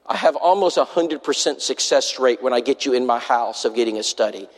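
A man preaching a sermon in a church, telling a story in an animated way and acting out the people he quotes. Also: medium pitch, a little fast. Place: church sanctuary. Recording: long hall reverb in a church.

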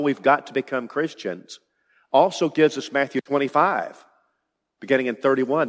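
A man's voice: medium pitch, in a large hall. A man preaching an expository sermon, emphatic and building to rising declarations.

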